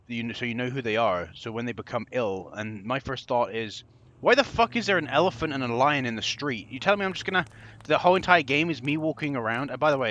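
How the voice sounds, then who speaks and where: A man's voice: mid-range voice, a bit bright, slight background noise. A young man giving casual gameplay commentary, sarcastic and exasperated, swearing freely as he plays. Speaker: game commentator.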